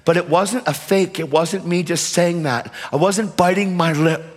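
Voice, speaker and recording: A man from the United States preaching a sermon, fervent, swinging between shouted calls and hushed storytelling. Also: high voice, normal speed, long reverb tail.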